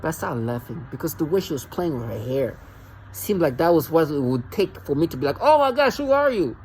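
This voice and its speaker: A man's voice: a little high, brisk, mellow, slight background noise, poor audio. A man vlogging alone in a rambling, agitated and mocking rant, often stumbling and restarting his sentences. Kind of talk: rambling monologue to camera.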